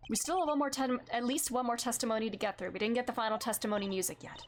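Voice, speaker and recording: A woman streaming a game, tossing in joking, excitable asides. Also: a little high, racing, few pauses, background noise. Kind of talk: live gameplay commentary. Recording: game music behind the voice.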